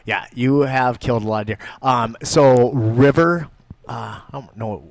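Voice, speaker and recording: A man's voice: medium pitch, a little slow, vocal fry, dry recording. A man co-hosting a podcast, chatting casually and teasing his guest with joking asides. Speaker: podcast co-host. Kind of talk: casual chat.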